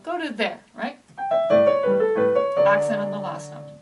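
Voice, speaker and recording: A woman with a medium-pitched, sing-song voice speaks at a measured pace, recorded from a distance. As a trainer of music teachers, she walks them through how to teach piano pieces and slurs in a chatty, casual instructional style.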